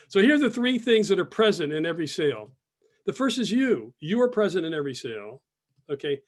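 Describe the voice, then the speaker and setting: A man presenting a live sales webinar, upbeat and chatty, repeating phrases and reading the chat aloud over a computer mic. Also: high voice. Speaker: webinar presenter, business mentor. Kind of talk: casual live webinar teaching.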